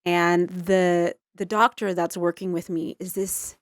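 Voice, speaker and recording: A woman in her forties, an interview guest, telling her story in a loose, rambling, animated way. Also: fairly low pitch, unhurried, no echo, studio quality. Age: 40s. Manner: rambling, full of "like" and restarts, animated.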